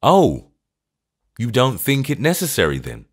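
A man voicing a cool, stern eccentric gentleman with a low voice. He speaks slowly and deliberately, giving each word weight, in a storybook reading. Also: very animated, breathy edge, full character voice.

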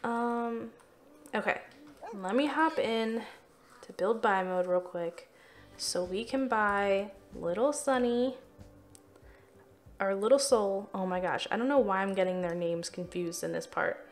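Slow-talking young woman narrating a game. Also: medium pitch. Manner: chatty, sympathetic, exclaims often, easily exasperated. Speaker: let's play gamer. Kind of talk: casual gameplay commentary.

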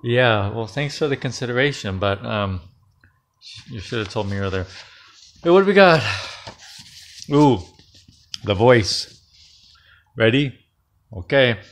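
A man's voice: medium pitch, expressive, unhurried, long pauses. A man casually reading a short scary bedtime story at home, joking and laughing along the way. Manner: playful, jokey, laughs often. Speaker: storyteller host.

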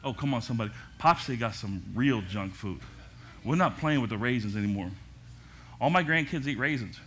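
An older man, a pastor, preaching a sermon at a church service in a lively way, with jokes and asides. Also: mid-range voice, brisk, a little hiss or hum.

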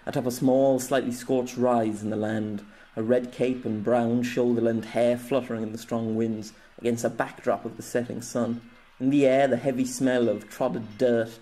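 In a dark, mid-range voice, a man narrates his own fantasy novella as an audiobook. He tells it dramatically, giving voices to the characters.

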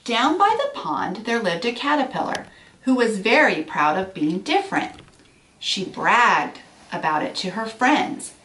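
Slow, lively woman reading a picture book. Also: mid-range voice. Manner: gentle, asks children questions. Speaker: teacher. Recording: echoey room, far from mic.

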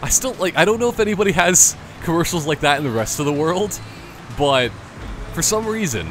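A man's voice: fairly high pitch, animated, brisk, over music. A man giving casual let's-play commentary, rambling and joking through tangents. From Canada. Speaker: gameplay commentator.

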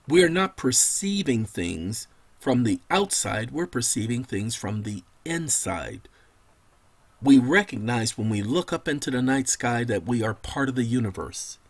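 Husky-voiced male host, preacher-style lecturer, wide swooping delivery, emphatic throughout. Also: mid-range voice. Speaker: channel host giving legal advice.

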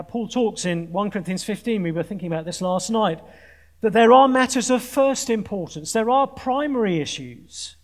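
Earnest high-voiced male preacher. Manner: earnest, with pointed emphasis and quick restarts; dry humour. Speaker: conference speaker preaching. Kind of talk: sermon to a student audience. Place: large conference hall with an audience.

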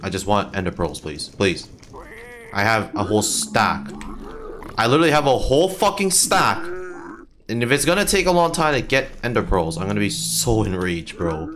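A young gaming channel host gives frustrated, casual commentary, cursing a lot and yelping every time he takes a hit. His voice is lowish and sing-song, at a moderate pace. A crowd can be heard in the background.

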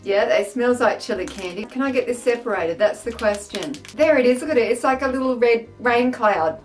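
A woman with an Australian accent chats through a casual taste-test vlog, her voice sitting a little higher than most. She talks in an exclamatory, self-mocking way, with faint music playing softly underneath. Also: animated, brisk. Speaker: food taste-test vlogger.

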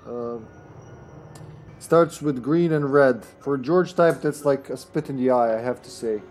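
A man's voice: mid-range voice, unhurried, a little mellow, soft background music. A man streaming a co-op video game, chatting casually, joking and laughing, sometimes putting on a mock British voice. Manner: jokey, laughs a lot, puts on a mock British voice. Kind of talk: casual gameplay chat.

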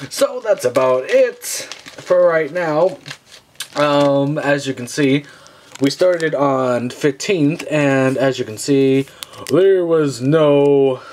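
A young man chatting excitedly through a card-pack opening, jumping to high exclamations and giggling. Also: moderate pace, slight background noise. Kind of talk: excited casual commentary.

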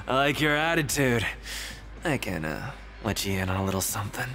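A man's voice: medium pitch, expressive, moderate pace, bright, forceful tone. An actor playing a sly, chuckling older male prisoner who trades secrets, in video game voice acting. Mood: conspiratorial. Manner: teasing, conspiratorial, chuckling.

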